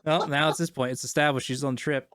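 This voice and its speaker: A man's voice: medium pitch, fairly even intonation, fast, very noisy. A man running a tabletop game as game master, teasing his players.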